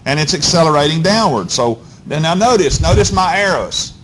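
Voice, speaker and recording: A man's voice: on the high side, animated, normal speed, fairly bright tone, a little hiss or hum. A male physics teacher, lecturing a class in a folksy, coaxing way and checking in constantly with "okay?" and "all right?". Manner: folksy, coaxing, talks straight to students.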